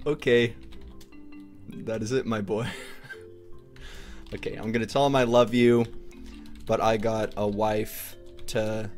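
A young man hosting a gaming video, giving playful, excited commentary with a pleading tone. His voice jumps high whenever he gets worked up. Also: takes it slowly, pauses often, faint music behind.

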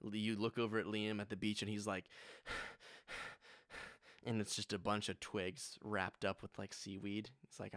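A man's voice: on the low side, level tone, measured pace, a bit bright, no room sound, clean studio sound. A young man with a Southern US accent, streaming a casual music reaction with joking, rambling asides. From United States.

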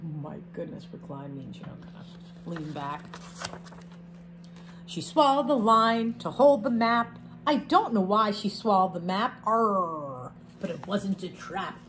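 A woman, a teacher reading a picture book aloud to her class, expressive, with chatty asides between the verses. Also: mid-range voice, a little slow, a little hiss or hum.

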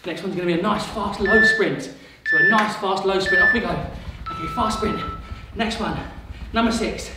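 A high-voiced man leads a kids' workout with cheerful encouragement, calling countdowns and moves between quiz questions. He sounds well away from the mic, and his voice rings around a very echoey room. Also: lively intonation, measured pace, distant mic, background noise. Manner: upbeat, encouraging, calls countdowns and cues. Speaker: fitness coach. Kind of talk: kids workout instruction with quiz.

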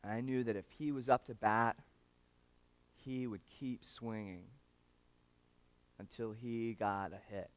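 A man giving a storytelling speech at an awards event, animated and swinging between loud and hushed moments, talking straight to the audience. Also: medium pitch, measured pace, long pauses. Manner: addresses the audience directly.

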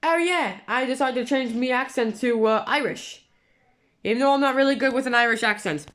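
A woman's voice: high-pitched, fairly quick, fairly bright tone. A woman voicing a goofy male plush fox who rambles casually and sheepishly in a plush toy video.

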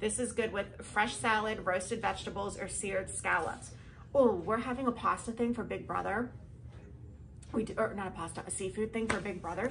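A woman vlogging a casual product review at home, chatty and excitable as she gushes over each item. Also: medium pitch, noisy background.

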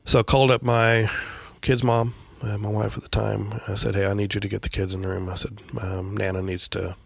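A middle-aged man telling a personal story as a podcast guest, in a quiet, halting way with many pauses and fillers. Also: lowish voice, little pitch movement, gravelly, breathy edge, no room sound. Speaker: guest, veteran paramedic.

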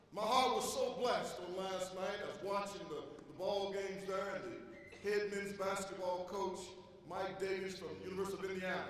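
A man preaching a sermon, swinging between loud, high bursts and low, quiet stretches. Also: slight background noise. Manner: preaching with dramatic swings in pitch and volume. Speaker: pastor. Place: church sanctuary. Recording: echoey hall from a distance.

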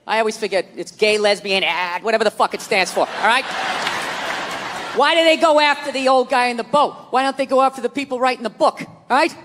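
Profane ranting stand-up comic. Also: male voice, extremely high pitch, a little fast. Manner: profane, exasperated ranting with mocking asides. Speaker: stand-up comedian. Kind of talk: stand-up comedy rant. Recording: live club set with loud crowd noise. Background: audience laughter.

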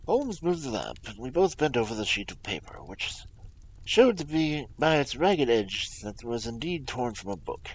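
A man reading a story aloud on a livestream with measured storybook narration. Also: mid-range voice, very animated, slight background noise, poor audio. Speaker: reader.

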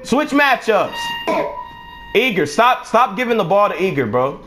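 A man's voice: sits high, very animated, a little slow, over music. A man streaming a basketball video game, trash-talking opponents and barking orders at teammates in a profane, taunting way. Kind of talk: live gameplay trash talk.

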